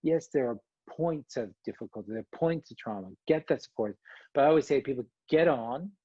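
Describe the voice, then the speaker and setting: Brief: male workshop speaker, jokey and encouraging, slightly husky voice, dull dry video-call sound. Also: medium pitch, fairly quick, no room sound. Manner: lively, joking, coaxing the audience. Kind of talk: online conference talk.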